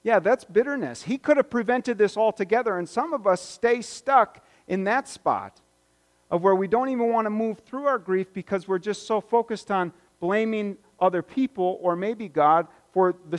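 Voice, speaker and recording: A man preaching a sermon as pastor, conversational and reflective, moving between louder stretches and hushed ones. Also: high voice, moderate pace. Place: church sanctuary. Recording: long reverb of a church hall.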